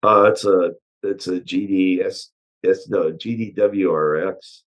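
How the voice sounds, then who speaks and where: A man with a hoarse voice from allergies, a chassis engineer guest answering interview questions in a relaxed way, with many pauses and "uh"s. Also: deep voice. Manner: relaxed, hesitant with frequent "uh" and "um". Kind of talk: casual technical interview answers.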